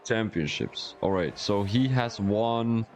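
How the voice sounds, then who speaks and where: Give me a low-pitched man giving chatty, joking live-stream race commentary. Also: slow pace, slight background noise. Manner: rambling, joking, chatty asides. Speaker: sim racing league commentator.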